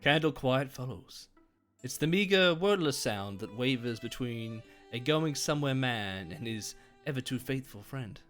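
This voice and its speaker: A man's voice: medium pitch, animated, unhurried, fairly bright tone, soft background music. A man co-hosting a let's play, reading game text and chatting casually, laughing often and stumbling over words. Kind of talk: casual gameplay chat and narration.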